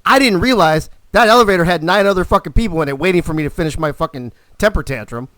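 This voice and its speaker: A man hosting a live stream, telling stories in a casual, animated way and swearing constantly. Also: sits high, fast, no echo. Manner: profane, animated, fired-up storyteller. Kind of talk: casual storytelling.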